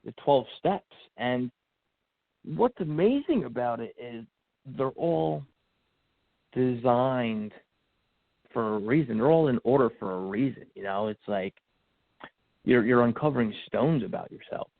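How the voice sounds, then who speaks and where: Gravelly man telling a personal story. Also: mid-range voice, measured pace, long pauses, no echo. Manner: animated, acts out quotes, frequent fillers and restarts. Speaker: podcast guest. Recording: phone-like narrow band audio.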